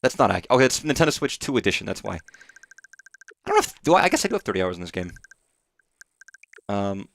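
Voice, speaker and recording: A man's voice: on the low side, sing-song, vocal fry, a bit bright. A man livestreaming a game in casual commentary, swearing freely and rambling into mock rants at the characters on screen. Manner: profane, rambling, quick to rant at on-screen characters.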